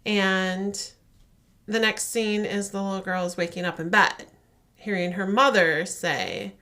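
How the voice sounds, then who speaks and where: A woman's voice: mid-range voice, measured pace. A woman co-hosting a podcast, animatedly retelling a horror short and acting out the voices. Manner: animated storytelling, acts out voices. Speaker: podcast co-host.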